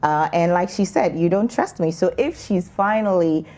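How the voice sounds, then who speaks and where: A woman from Ghana co-hosting a panel talk show, her voice a little low and mellow. She speaks emphatically and puts on mock-preachy asides and little quoted voices. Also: lively intonation, moderate pace. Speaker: co-host.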